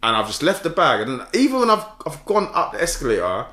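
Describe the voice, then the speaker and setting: A man's voice: a little high, fast talker. Slangy man telling a story. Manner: slangy, animated storytelling with quoted dialogue. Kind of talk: casual chat storytelling. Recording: echoey room.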